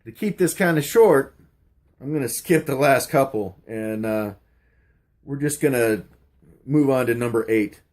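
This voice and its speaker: In an unhurried, a little mellow mid-range voice that pauses often, a middle-aged man tells stories and answers questions for a YouTube question tag. The vlog is casual and rambling, loaded with fillers and restarts.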